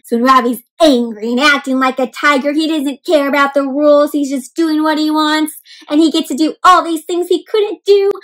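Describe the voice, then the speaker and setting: Casting: woman storyteller with a high voice, animated read-aloud for kids, full of gasps and questions to the children. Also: low-quality recording. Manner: expressive, often gasps, asks kids questions.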